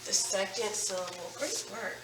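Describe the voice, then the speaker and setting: A woman teacher leading a phonics lesson, stretching out words slowly and praising her students as she goes. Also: medium pitch, animated, echoey room, distant mic, background noise. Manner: slow, drawn-out word modelling with praise.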